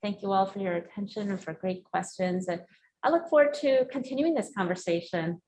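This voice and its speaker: A woman's voice: medium pitch, a little fast. Earnest woman speaker in echoey room. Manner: earnest, emphatic, animated. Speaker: speaker and career coach. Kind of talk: live talk and audience Q&A. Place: event room before a live audience. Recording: echoey room, faint noise.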